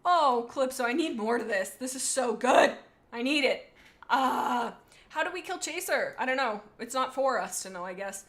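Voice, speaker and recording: Bright, goofy woman reading fan fiction. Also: high voice, moderate pace. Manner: goofy, animated asides, playful sarcasm. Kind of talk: comedic reading with commentary.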